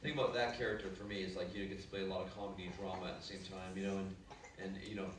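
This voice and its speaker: A Scottish-born man, a guest actor on a convention panel, telling lively stories and laughing often. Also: low voice, very fast. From Scotland. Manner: animated storyteller, laughs often, acts out other voices. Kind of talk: lively anecdotal panel talk. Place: large convention hall. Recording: echoey noisy hall from far off.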